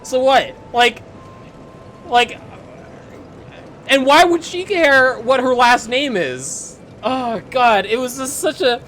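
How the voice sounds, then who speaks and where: A young adult streamer ranting casually while playing a video game, swearing freely and breaking into loud bursts of laughter. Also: sits high, animated, takes it slowly, pauses often, a little hiss or hum. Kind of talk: casual rant while gaming.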